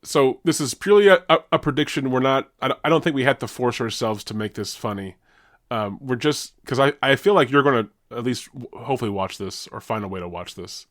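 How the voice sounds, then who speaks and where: A man's voice: mid-range voice, fairly quick, fairly bright tone, no room sound, studio quality. A man co-hosting a podcast in casual chat, laughing often and restarting his sentences. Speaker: podcast co-host.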